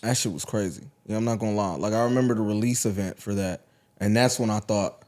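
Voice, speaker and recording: A man in his thirties from Atlanta, a rapper guest telling stories in a relaxed podcast chat, full of "like" and "you know what I'm saying". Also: on the low side, fast talker. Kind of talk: casual podcast conversation.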